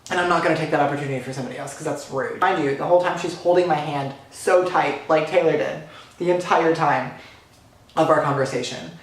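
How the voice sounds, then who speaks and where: A young man vlogger excitedly retelling a fan encounter story, gushing and breathless, full of fillers. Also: a little high, fast. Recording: very echoey room.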